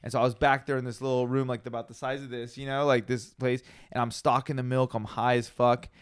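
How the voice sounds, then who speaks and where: Young male host, smooth clear voice, dry close mic, profane storyteller. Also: mid-range voice, fast, no echo. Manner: profane, animated storyteller, acts out quotes. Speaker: podcast host. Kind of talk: casual storytelling chat.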